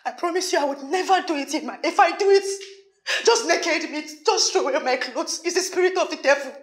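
In a brisk, high-sitting natural voice, a woman with a Nigerian accent performs Nollywood film acting in an echoey room. She plays a remorseful woman begging her friends for forgiveness, lurching between pleading and frantic laughter.

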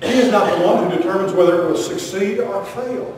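A pastor preaches with emphatic force, firing rhetorical questions and dropping from loud bursts to quiet asides. His voice sits a little high for a man. He sounds far from the mic, with a long church-hall echo around every phrase. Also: brisk, slight background noise. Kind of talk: sermon. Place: church sanctuary. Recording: echoey hall recorded from far off.

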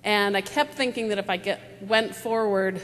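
A woman's voice: medium pitch, normal speed, a bit bright. A woman in her forties from the United States, speaking as a panelist at a live forum, telling stories in a rambling, conversational way full of fillers. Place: large auditorium stage. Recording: long hall reverb, faint noise.

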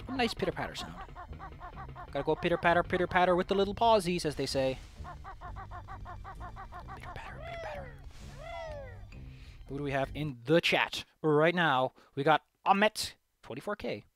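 A man's voice: fairly high pitch, lively intonation, fairly quick, fairly bright tone. A man giving casual, sarcastic commentary while streaming a video game and joking with his chat.

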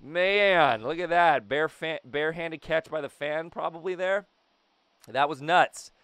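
A young man giving excited commentary on his own gameplay, talking to himself, his throat a little raspy. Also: a little high, unhurried, no echo. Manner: hyped, talks to himself and the game. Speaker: gaming video host.

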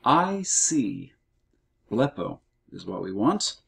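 A middle-aged man teaching Greek in a recorded homework walkthrough, explaining slowly and carefully with the odd um and uh. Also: on the low side, very animated, vocal fry, a bit bright, slightly rough. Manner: slow, measured explaining with fillers.

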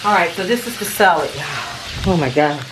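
Low-voiced woman, excitable kitchen vlogger. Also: fairly quick, background noise. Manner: excitable, calls viewers honey and y'all. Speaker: family vlogger. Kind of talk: casual cooking vlog. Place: home kitchen.

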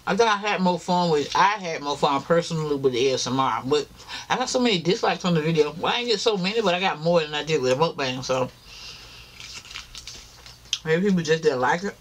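A man's voice: fairly high pitch, lively intonation, a little fast, slight background noise. A tired man, chatting casually to viewers while eating in a mukbang vlog. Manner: chatty, talks straight to viewers as y'all, chewing between lines. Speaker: mukbang vlogger.

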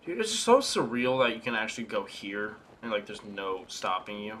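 A man's voice: on the low side, moderate pace, a bit bright, slight background noise. A young man giving casual let's-play commentary as a gaming YouTuber, swearing and ranting in exasperation at the game.

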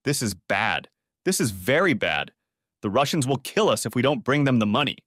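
A man's voice: mid-range voice, very animated, normal speed, a bit bright, dry recording, clean studio sound. A man playing a scheming crook. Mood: fearful. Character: scheming man, smug turning panicked.

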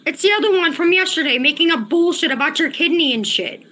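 A woman's voice: very high voice, lively intonation, quick pace, bright, forceful tone. A woman livestreaming and talking to her chat, agitated and profane, often repeating herself. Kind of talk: casual livestream chat, reading chat.

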